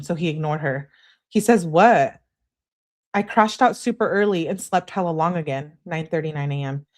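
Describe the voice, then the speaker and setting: A woman hosting a live stream, reading out text messages and chatting casually with viewers between them. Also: fairly low pitch. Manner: reads texts aloud in an animated way, chats to live viewers. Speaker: true-crime channel host.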